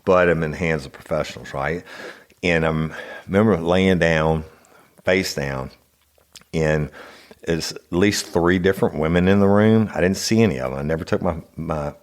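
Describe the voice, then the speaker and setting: Very deep-voiced profane man. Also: normal speed. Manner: blunt, profane, rambling with restarts. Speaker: podcast host. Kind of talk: casual storytelling.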